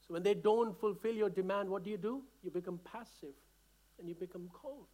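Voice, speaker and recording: A man's voice: high voice, a little mellow. A man from India preaching a sermon to a church congregation, earnest and impassioned, stumbling over restarts and calling out to the congregation. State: emotional. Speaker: pastor.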